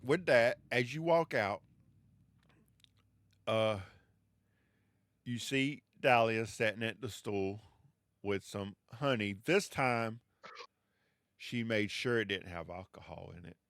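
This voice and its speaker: A man runs a tabletop game, narrating at a slow, easygoing pace with a drawl and a few casual fillers. His voice sits mid-range and sounds close and dry. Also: on the low side, fairly bright tone, no echo. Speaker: game master.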